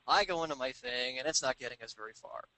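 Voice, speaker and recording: Male sales trainer, bright forceful tone, dry close recording, animated storyteller. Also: mid-range voice, fast talker, no room sound, poor audio. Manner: animated anecdotes, acting out quoted voices. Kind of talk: storytelling business talk.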